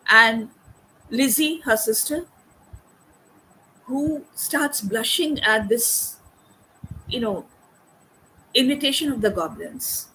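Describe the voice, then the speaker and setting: A woman's voice: a little high, lively intonation, slow, pauses often, pushed and bright, a little hiss or hum, low-quality recording. A woman lecturing on a poem, thoughtful and hesitant with fillers, reading quoted verse aloud. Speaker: literature lecturer. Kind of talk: academic lecture.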